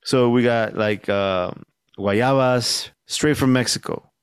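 A young man on a podcast telling a story in casual chat, laid-back and swearing a lot, acting out the shouted lines he quotes. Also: medium pitch, takes it slowly, clear, resonant tone, dry recording, studio quality. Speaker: podcast co-host.

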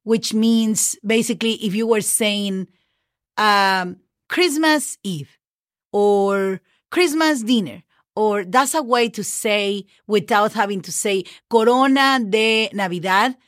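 A native Spanish speaker from northern Mexico, with a Mexican accent, teaches holiday vocabulary in a casual podcast lesson, spelling words out letter by letter. Her mid-range voice is expressive and slow, recorded dry in studio quality, and she uses lots of okays and fillers.

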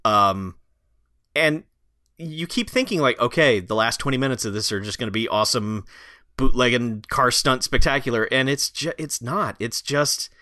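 A man in a casual movie chat, animated and profane, mocking scenes with exaggerated impressions. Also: mid-range voice, moderate pace, no echo, clean studio sound.

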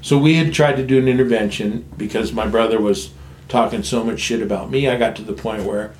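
A man's voice: on the low side, steady tone, a little fast, darkish tone. Man in recovery, frank storyteller, swears freely; echoey room, light background hum. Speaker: guest sharing recovery story. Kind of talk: candid personal storytelling. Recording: echoey room, faint ambience.

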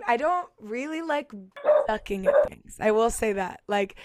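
A musician guesting on a podcast chats casually in San Diego, thinking out loud with lots of fillers and restarts. Her voice is a little high, and the recording is dry, studio-quality.

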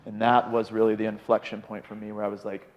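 Fast-talking animated man telling a story. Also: lowish voice, big-room sound, muffled recording. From Arizona. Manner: animated, quotes people in voices. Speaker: podcast guest in recovery. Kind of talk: casual storytelling chat.

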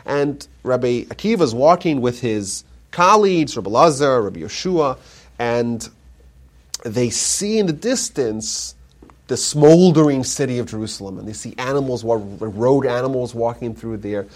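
A man giving a live lecture on Jewish history, retelling stories with animated emphasis and frequent restarts, in a community centre lecture room. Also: medium pitch, moderate pace.

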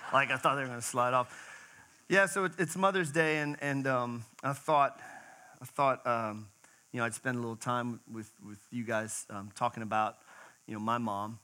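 A middle-aged man giving an emotional church talk, speaking haltingly with many fillers and restarts, his voice wavering. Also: mid-range voice, bright, forceful tone, slight background noise, low-quality recording.

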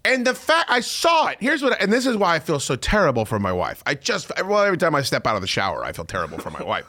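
A man hosting a podcast in casual chat, excitable and profane, often breaking into loud shouting. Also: fairly high pitch, fast talker. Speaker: podcast host.

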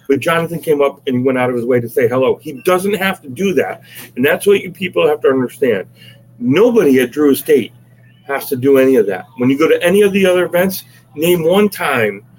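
A man's voice: a little high, a little hiss or hum, low-quality recording. A man co-hosting a casual podcast chat, telling stories with emphatic, persuasive asides. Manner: emphatic storyteller. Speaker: podcast co-host.

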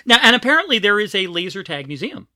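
A woman's voice: mid-range voice, very animated, quick pace, pushed and bright, no room sound, clean studio sound. A middle-aged transgender woman co-hosting a podcast, chatting in a rambling way, often restarting her sentences and prone to the giggles. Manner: rambling, giggly, self-interrupting. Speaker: podcast co-host. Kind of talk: casual podcast chat.

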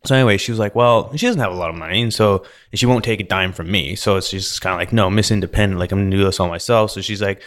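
Guy on a podcast telling a long story, says like a lot, lowish voice. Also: very fast, few pauses. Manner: animated, filler-heavy retelling with many "like"s. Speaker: podcast co-host. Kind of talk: casual storytelling chat.

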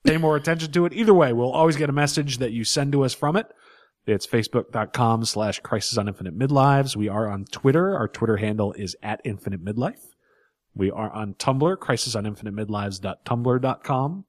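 A man's voice: medium pitch, fairly quick, no echo, clean studio sound. A middle-aged man co-hosting a casual comic book podcast, blunt and opinionated, often laughing. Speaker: podcast co-host.

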